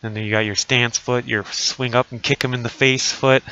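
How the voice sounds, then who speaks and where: This live-streaming man in his thirties has a medium-pitched voice with little pitch movement, normal speed and a bright, forceful tone, though the sound is lo-fi. He banters crudely and profanely with viewers, his costume mask muffling him only a little on the desk mic.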